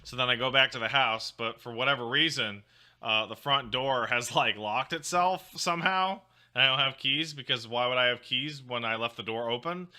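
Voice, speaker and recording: A young co-host talks loosely and rambles, telling stories with a deadpan touch. His voice is bright and sharp, sitting at a middle pitch for a man. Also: moderate pace. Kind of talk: casual chat.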